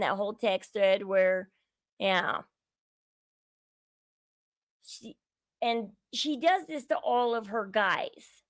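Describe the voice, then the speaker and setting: A woman's voice: medium pitch, gravelly, no echo. A woman hosting her own show, giving indignant, opinionated commentary on a reality show and repeating herself as she builds each point. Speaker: show host.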